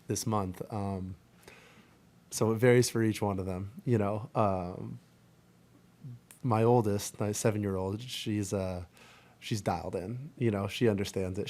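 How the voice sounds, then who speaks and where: A man in his thirties answering reporters' questions at a press conference, halting and full of fillers and restarts. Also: lowish voice, darkish tone. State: choked up, near tears. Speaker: baseball pitcher at a press conference.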